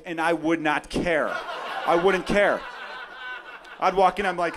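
A man from Chicago performing a profane, excitable stand-up comedy set on a club stage, with a handheld mic. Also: sits high, a little fast, noisy background. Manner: brash, profane, excitable bits. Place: comedy club stage before a live crowd. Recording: live club recording with crowd laughter. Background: audience laughter.

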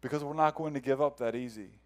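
A male pastor preaching a sermon, earnest, repeating words as he builds each point and reading scripture slowly and with feeling. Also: mid-range voice, a little mellow.

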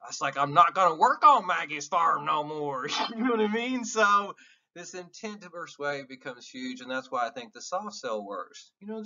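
Southern-accented man, bright blunt lecturer, casual, profane, dull recording. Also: fairly high pitch. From American South. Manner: loose, blunt, swears and acts out voices. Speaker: college instructor.

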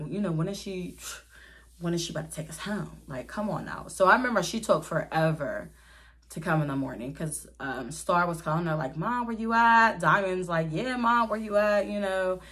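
A young woman vlogger telling a story from her childhood to viewers, chatty and candid, often calling them y'all and adding slang. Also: sits low. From Pittsburgh area, USA. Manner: candid, dramatic retelling with slang. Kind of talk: casual storytime.

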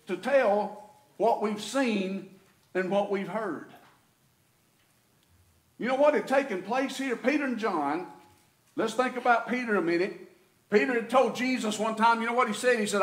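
A man with a Southern US accent preaching a sermon as pastor, folksy and swinging between loud and quiet. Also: high-pitched, normal speed, pauses often. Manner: folksy preaching, rising and falling in intensity. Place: church sanctuary. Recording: echoey church room.

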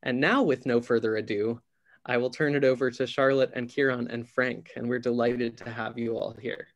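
A mid-pitched man opens a theatre patron event on a video call. His delivery is polite and welcoming, with a few uhs as he introduces the guests. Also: fairly even intonation, moderate pace. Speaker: director of development, host.

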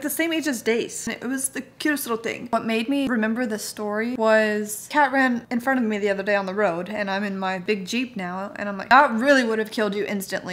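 A woman's voice: a little high, a bit bright. A young woman casually telling a story to camera, chatty and laughing as she goes. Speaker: vlogger.

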